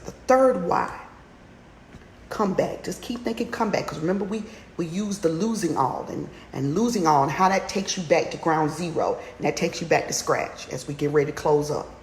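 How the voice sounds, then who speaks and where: A woman coaching a women's challenge in a motivational livestream talk, urging listeners on with fiery, repetitive exhortations that climb to near-shouts. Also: low-pitched, vocal fry. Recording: roomy echo with faint background noise.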